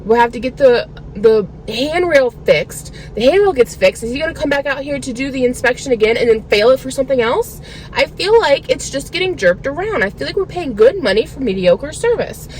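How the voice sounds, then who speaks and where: A woman records a casual vlog from her parked car, venting at length with a frustrated, rambling flow. Her voice sits a little high for a woman. A faint background hum runs under her talk. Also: expressive, fairly quick, darkish tone, low-quality recording. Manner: frustrated, rambling, lots of filler "like". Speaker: vlogger.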